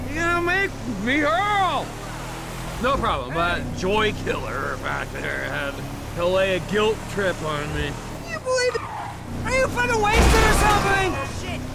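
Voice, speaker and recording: Game extra: a slow, slurry drunk bro, high and swinging. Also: male voice, creaky, full character voice. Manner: slurring, boisterous, sloppy. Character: drunk rowdy young male partier. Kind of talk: video game voice acting. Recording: game audio with street noise.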